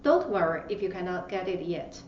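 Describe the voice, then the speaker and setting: A woman's voice: lowish voice, animated, a little fast, darkish tone. A woman teaching beginners the tones, patiently drawing out each syllable. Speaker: Chinese language teacher. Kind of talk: slow instructional lesson. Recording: roomy, distant, slightly dull mic with faint hiss.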